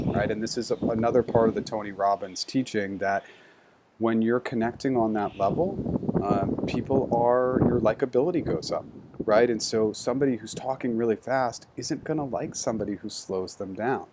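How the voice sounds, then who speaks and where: A man's voice: lowish voice, normal speed, noisy background. A man giving a structured, conversational lesson on job interview skills, walking through numbered points. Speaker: career coach. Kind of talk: instructional talk on interview skills.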